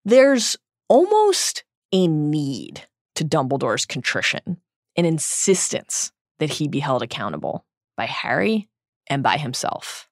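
Woman, podcast co-host, book discussion, reflective, analytical, gravelly, lively pitch. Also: takes it slowly, dry recording, clean studio sound. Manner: reflective, analytical, emphatic on key phrases.

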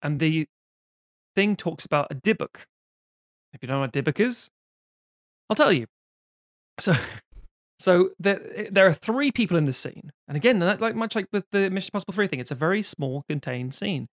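A man's voice: sits high, moderate pace, pauses often, no room sound. Man, podcast co-host, casual rambling chat, swears, dry close mic. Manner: rambling, animated, many restarts and swearing. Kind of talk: casual film discussion.

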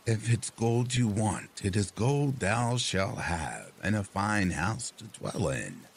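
A man voicing a stern, cold old witch in a storybook tale, speaking slowly in archaic phrasing. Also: lowish voice, animated, gravelly, slight background noise, pitched above the performer's own voice, heavily acted. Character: stern, ancient woodland witch.

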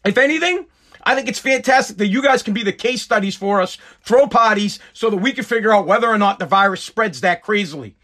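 Brief: high-pitched man for a blunt, profane, sarcastic rant to camera. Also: expressive, brisk, a bit bright. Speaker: commentator. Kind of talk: profane ranting commentary.

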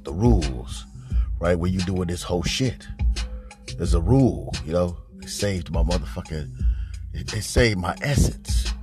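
A man's voice: lively intonation, a little slow, music in the background. Profane, rambling male comic storyteller. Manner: profane, rambling, exaggerated bragging delivery; gets louder and higher as the story builds. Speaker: podcast host. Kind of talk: crude comic storytelling monologue.

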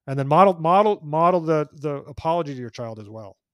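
A man's voice: a little high, lively intonation, quick pace, no echo, clean studio sound. A man speaking as a guest in a casual chat, earnest and emphatic, often repeating words as he starts a thought.

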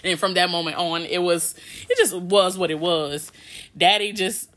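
A young woman speaks with a somewhat low voice, telling her story in a casual, unscripted podcast monologue. She is blunt and swears freely, and her retellings are animated. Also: moderate pace. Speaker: podcast host.

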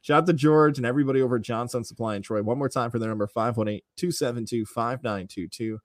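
A man's voice: medium pitch, steady tone, fast, no room sound. This is a man with a mid-range voice and a confident, punchy delivery. He breaks down the team and reads ads on sports radio. The studio sound is dry and close.

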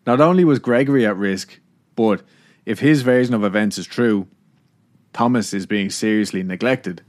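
A man's voice: fairly low pitch, normal speed, darkish tone. A man hosting a podcast, casually narrating a story with laughs and swearing. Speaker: podcast host.

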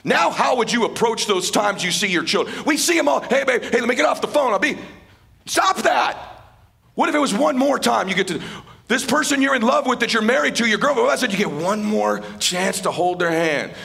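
A man's voice: high-pitched, animated, fairly quick, vocal fry, sharp tone. A man giving a live motivational speech at an event, fervent and repeating phrases for emphasis. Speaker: motivational speaker.

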